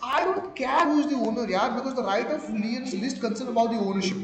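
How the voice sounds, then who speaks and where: A man with an Indian accent, pitched high for a man, teaches a law class in a large lecture room and keeps firing questions at his students. His voice rings through a big echoing hall with a long tail, and the murmur of the class is clear behind him. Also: a little fast, a crowd in the background. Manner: mixes Hindi phrases, keeps quizzing the class.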